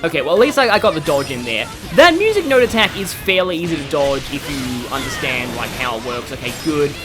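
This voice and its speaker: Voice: medium pitch, big pitch swings, fairly quick. A let's-play host giving chatty commentary, exasperated at a tough boss fight. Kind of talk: gameplay commentary. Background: game music.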